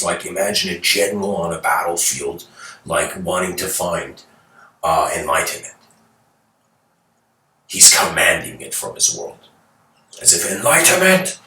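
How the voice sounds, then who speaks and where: A deep-voiced man gives a spiritual lecture through a story, rambling and animated, frequently restarting and peppering his speech with "like" and "you know." The mic is distant in an echoey room.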